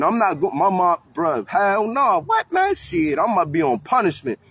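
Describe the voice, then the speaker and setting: A man's voice: high voice, moderate pace, hardly any pauses, breathy edge. A man hosting street interviews, talking casually and animatedly in slang to people passing by outdoors. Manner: animated, slangy, talks to passersby. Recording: faint street noise outdoors.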